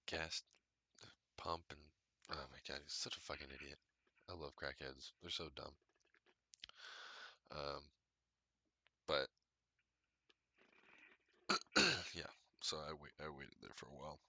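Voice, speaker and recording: Podcast host, male, rambling and profane, very deep, dry close sound. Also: steady tone, slow pace, creaky, pauses often, pushed and bright, breathy edge, no echo. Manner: profane, rambling, laughs often. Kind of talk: casual storytelling monologue.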